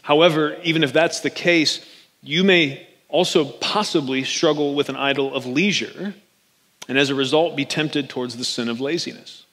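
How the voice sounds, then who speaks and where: A man preaching in a loose, joking way, forever checking in with his congregation. His voice sits a little high for a man. A long reverb from the big church hall trails after his words. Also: normal speed, fairly bright tone. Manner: chatty and joking, often checks in with "right?". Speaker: pastor. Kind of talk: conversational sermon.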